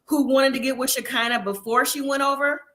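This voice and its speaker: Bright-voiced chatty woman host. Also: high voice, steady tone, brisk. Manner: chatty, opinionated, laughs often. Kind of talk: casual live review chat.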